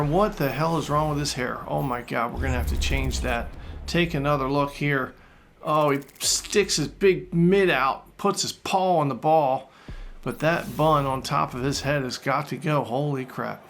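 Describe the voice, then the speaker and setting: A man commentating on his own football video game like a jokey sportscaster, getting loud and excited during attacks and saves. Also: fairly high pitch, measured pace, slight background noise. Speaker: gaming YouTuber. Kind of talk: let's-play commentary.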